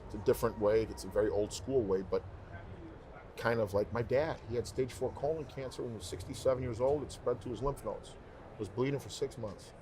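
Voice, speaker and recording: A man who is a professional singer, guest on an interview show, telling stories in an animated, emphatic, rambling way. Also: medium pitch, fairly quick, slight background noise. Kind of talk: casual interview talk.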